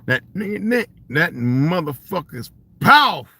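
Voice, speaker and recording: A man's voice: a little high, big pitch swings, normal speed, vocal fry, sharp tone. A man with a Southern US accent ranting casually and profanely on a livestream, emphatic and laughing often. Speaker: livestream host. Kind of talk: casual rant.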